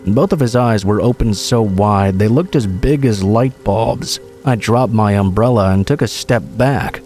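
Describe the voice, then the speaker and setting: Man, horror story narrator, scripted narration, steady measured delivery, lowish voice, faint music behind.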